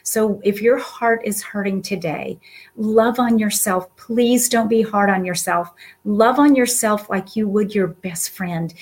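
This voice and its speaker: At a measured pace, a woman with a medium-pitched voice talks to an audience as a guest. Her tone is casual and heartfelt, and she's earnest, warm, and encouraging, laughing softly now and then.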